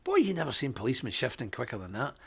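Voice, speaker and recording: A middle-aged man, hosting a live web show in a forceful, preachy way with sudden bursts of emphasis. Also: medium pitch, huge pitch swings, rapid-fire, creaky, husky. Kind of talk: live-streamed preaching talk.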